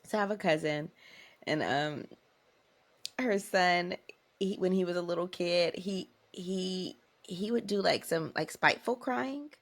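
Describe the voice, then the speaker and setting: A woman teacher co-hosting a podcast in casual chat, telling lively stories and laughing often. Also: fairly low pitch, a little slow.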